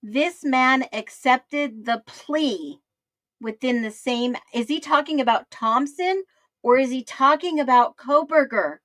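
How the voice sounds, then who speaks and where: A woman host gives true crime commentary and speaks straight to her viewers, stressing her points. Her voice is high and her delivery unhurried. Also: fairly bright tone. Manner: emphatic, addresses viewers directly.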